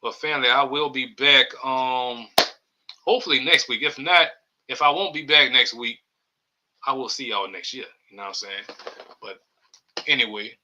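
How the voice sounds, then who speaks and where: A man's voice: medium pitch, normal speed, pauses often, bright, forceful tone, lo-fi sound, a little hiss or hum. A man hosting a casual live-stream sports podcast, rambling loosely and reading chat comments aloud. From New Orleans area. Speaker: podcast host.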